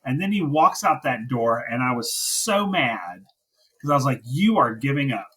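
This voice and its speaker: A man's voice: medium pitch, lively intonation, moderate pace, fairly bright tone, husky, low-quality recording. A man co-hosting a wrestling podcast in casual chat, talking in emphatic, impassioned rants.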